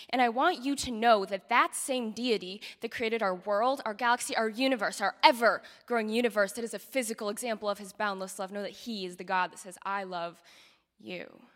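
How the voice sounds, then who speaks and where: A woman giving a dramatic spoken-word poetry performance, swinging from loud declarations to hushed whispers. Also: on the high side. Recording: echoey hall.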